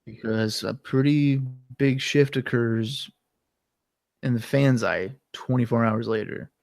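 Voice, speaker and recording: A man's voice: medium pitch, slow pace, gravelly, darkish tone, no echo. A man co-hosting a podcast in casual chat, talking loosely and trailing off at the ends of sentences, his throat catching. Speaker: podcast co-host. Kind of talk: casual chat recapping wrestling.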